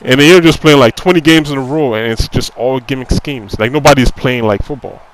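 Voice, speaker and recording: In a rough recording, a man with a medium-pitched voice speaks fairly quickly as he commentates casually on a football video game he's playing. This gaming commentator vents his frustration conversationally, with lots of "you know" and repeated phrases.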